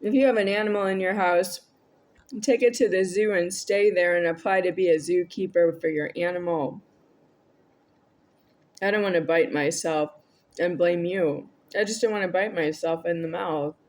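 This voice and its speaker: A woman's voice: lowish voice, normal speed, a little mellow. A woman vlogging a rambling, argumentative monologue to camera, addressing an unseen listener.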